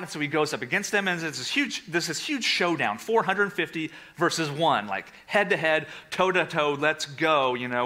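A man preaching a sermon to a congregation and an online audience, animated, with sarcastic asides and hushed, quiet passages. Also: on the high side. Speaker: pastor. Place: church with a livestream audience.

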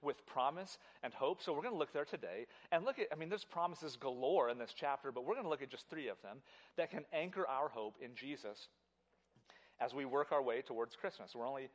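A pastor preaching a sermon at a church service, emphatic and animated, often repeating words and speaking straight to the congregation. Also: male voice, medium pitch, a little fast.

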